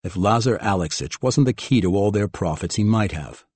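Low-voiced male audiobook narrator. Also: lively intonation, normal speed, darkish tone, husky, dry recording. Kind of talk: scripted narration.

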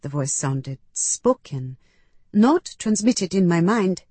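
A woman's voice: fairly low pitch, big pitch swings, slow, dark tone, slightly rough, dry recording. A woman narrating a story in the first person, with intimate, emotional delivery and acted dialogue. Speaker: audiobook narrator.

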